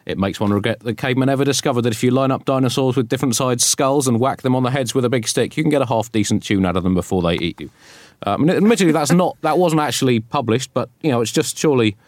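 A man's voice: mid-range voice, quick pace, darkish tone, no room sound. A man co-hosting a satirical comedy show, mock-serious and sardonic, often laughing at his own jokes. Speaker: co-host.

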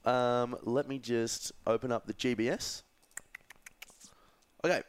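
Animated young Australian storyteller man. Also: mid-range voice, takes it slowly, clear, resonant tone, dry recording. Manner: animated storyteller, laughs often. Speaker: podcast co-host. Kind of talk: casual roundtable chat.

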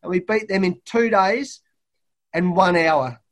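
A middle-aged Australian man, a head coach and guest, telling lively stories and acting out what people said. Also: high-pitched, unhurried. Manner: lively anecdotes, acting out quotes loudly. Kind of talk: animated storytelling in a podcast interview. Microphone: remote call.

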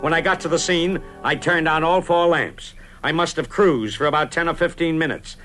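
A middle-aged man tells a first-person story in the punchy style of a vintage radio columnist. His voice sits a little higher than most men's, and his delivery stays brisk and dramatic. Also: fairly bright tone.

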